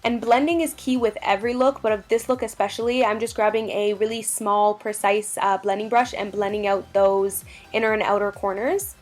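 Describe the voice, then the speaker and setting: A woman's voice: medium pitch, steady tone, normal speed, few pauses, faint music behind. Young female beauty vlogger, bubbly and gushing, chatty tutorial voice-over.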